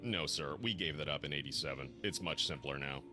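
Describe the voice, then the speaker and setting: An actor playing a stiff, formal male government agent in a video game, speaking in a flat deadpan. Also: rumbling low, a little fast, over music. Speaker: game character.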